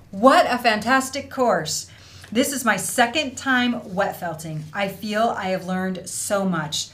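A woman's voice: mid-range voice, a bit bright. A woman, hosting a casual craft livestream, bubbly and effusive, reading out viewers' messages. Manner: bubbly, effusive, laughs often. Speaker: host of an online felting school livestream.

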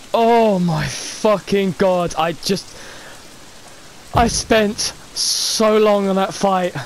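A man commentating on a video game, swearing and ranting, his voice hoarse from screaming. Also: on the high side, a little hiss or hum, poor audio. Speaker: gamer. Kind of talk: gaming commentary.

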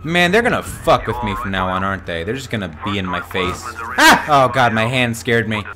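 A man's voice: on the low side, animated, a little fast, crowd noise. A young man giving live gameplay commentary as a streamer, jumpy and swearing, with sudden yelps and squeals. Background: game music.

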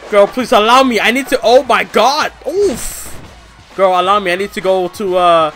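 A young man commentating a wrestling video game, loud, excitable and crude, trash-talking the opponent. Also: high voice, normal speed, soft background music. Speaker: gameplay commentator. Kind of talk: let's play commentary.

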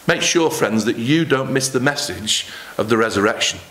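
A man preaching a sermon in church, acting out the quoted lines with lively emphasis. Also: medium pitch, normal speed. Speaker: pastor.

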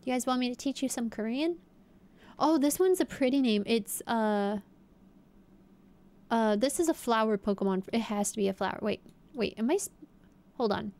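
A woman's voice: a little high, moderate pace, pauses often, darkish tone. A young woman streamer chatting casually and playfully, guessing aloud and talking to her viewers. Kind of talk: casual live-stream chat.

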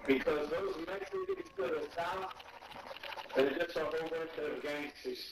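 A man's voice: on the high side, wildly swooping pitch, a little slow. A man chatting casually with his teammate during a game, with laid-back, crude banter. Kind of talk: casual gameplay chat. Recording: noisy game audio behind.

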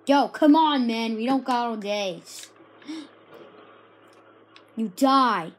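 A woman giving frantic, excited commentary while playing a shooter game, often shouting and yelping. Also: a little high, very slow. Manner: frantic, shouts and yelps at the action. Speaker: gaming video creator.

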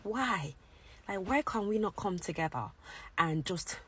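A woman's voice: mid-range voice, animated, a little slow, fairly bright tone, slightly rough, dry recording. A woman from the UK, a mother, ranting in an exasperated, pleading way in a casual vlog. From United Kingdom.

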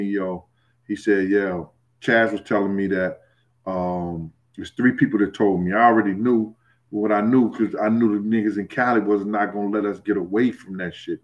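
A man's voice: on the low side, muffled recording. A man with a New York accent hosting a casual livestream, reading the chat and telling stories in a streetwise, teasing way with frequent laughter. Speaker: host reading live chat.

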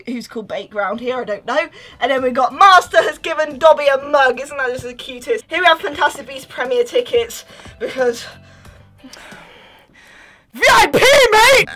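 A woman giving a playful room tour of her bedroom, jokey and giddy, now and then breathless. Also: high voice. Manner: giddy, jokey, shifts into excited squeals. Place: bedroom, indoors.

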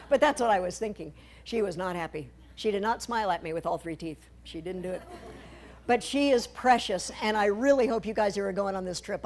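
A woman's voice: medium pitch, darkish tone. Lady talking to her church about a mission trip, chatty and jokey, normal mid voice. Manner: conversational and humorous, with playful asides. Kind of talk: church talk presenting slides. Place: church sanctuary.

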